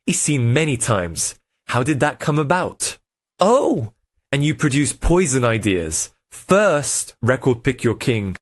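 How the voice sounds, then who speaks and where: A man's voice: medium pitch, sing-song, slow pace, no echo. A man hosting an interview, setting out background facts before he asks his guest a question. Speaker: interview host.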